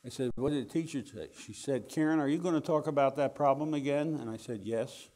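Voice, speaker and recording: A man's voice: mid-range voice, brisk. Older man telling a wry story. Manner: wry, animated storyteller acting out dialogue. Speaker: speaker telling a story to an audience. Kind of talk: anecdotal storytelling talk.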